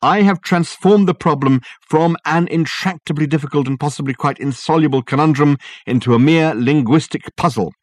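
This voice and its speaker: A man voicing an eccentric, excitable male detective who talks theatrically and with grand gestures. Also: a little high, moderate pace, hardly any pauses, no echo, studio quality, voice pushed up, close to an everyday voice.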